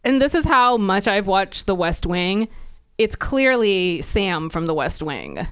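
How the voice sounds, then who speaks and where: A woman's voice: medium pitch, sing-song, slow pace, clear, resonant tone. A woman co-hosting a podcast, talking in a casual, opinionated and candid way. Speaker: podcast co-host. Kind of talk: casual chat.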